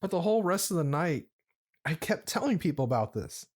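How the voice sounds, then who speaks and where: Rambling, foul-mouthed man with a higher voice. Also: very animated, a little fast. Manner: rambling, profane, laid-back. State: drinking while talking. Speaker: podcast host. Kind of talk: casual storytelling chat.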